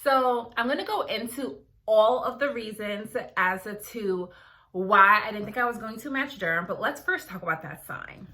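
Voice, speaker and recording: A young woman, a dermatology resident, chatting casually to her viewers in an animated storytelling vlog. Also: on the high side, moderate pace. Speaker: dermatology resident, video creator.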